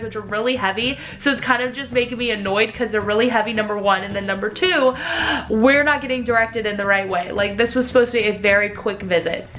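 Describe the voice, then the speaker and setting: Young woman vlogging, kinda high voice, chatty and laughing, light music in the back. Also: fairly bright tone. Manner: chatty, laughing while telling a story. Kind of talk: casual storytelling vlog.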